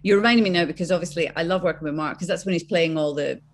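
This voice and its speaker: A woman with a Scottish accent, a voice actress chatting as a guest in an interview, lively and quick to laugh. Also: fairly low pitch. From Scotland. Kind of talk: casual interview chat.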